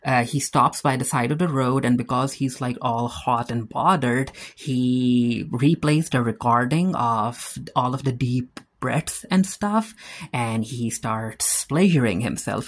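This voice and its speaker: A man's voice: mid-range voice, slow. A man giving a casual, chatty recap of a TV episode, saying "like" a lot and acting out what the characters say. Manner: chatty, many "like"s, acts out quotes. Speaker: TV show reviewer.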